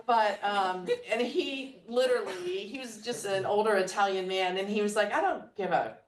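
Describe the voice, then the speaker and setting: A woman guest telling stories in a relaxed interview, acting out what others said, often with a laugh. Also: medium pitch, normal speed, crowd noise. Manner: animated storyteller, quotes others with laughs. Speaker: guest entrepreneur. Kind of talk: conversational storytelling. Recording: roomy sound, mic at a distance.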